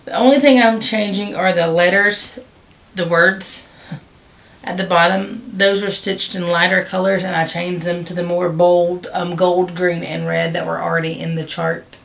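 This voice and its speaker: A woman's voice: lowish voice, steady tone, a little slow, creaky, fairly bright tone. A woman vlogging casually to the camera about her stitching, chatty and rambling, often restarting her sentences. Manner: chatty, rambling, with fillers and self-corrections. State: hiccups.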